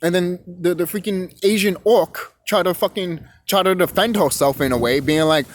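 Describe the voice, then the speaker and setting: A man's voice: high voice, moderate pace, slight background noise. A young man ranting to camera, rambling, repeating himself and cursing freely. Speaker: vlogger. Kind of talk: profane rant to camera.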